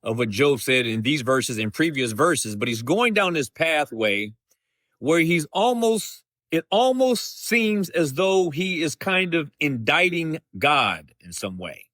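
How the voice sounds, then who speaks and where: A man hosting a live Bible study, reading scripture aloud and explaining it in a slow, deliberate way, often restating himself. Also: on the high side, sing-song, a bit bright, no room sound, clean studio sound. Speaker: host of a Bible study show.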